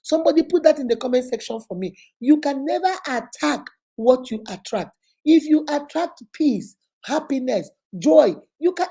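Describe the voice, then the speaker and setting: A woman with a somewhat high, husky voice gives motivational relationship advice with a preacher's insistence. Her tone is mellow rather than bright, and she talks straight to her listeners as sister and baby. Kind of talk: motivational faith-based advice talk.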